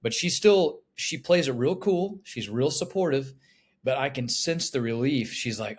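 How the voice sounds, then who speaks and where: A man in his thirties talking on a podcast in an animated, emotional way, often laughing. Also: medium pitch, normal speed. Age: 30s.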